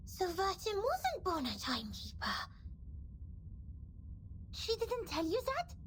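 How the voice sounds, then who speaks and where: Give me a prim young heroine from a fantasy video game. Her voice sits extremely high and swings lively up and down. She speaks in a formal, precise way. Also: slow, a crowd in the background, heavily acted. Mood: explaining.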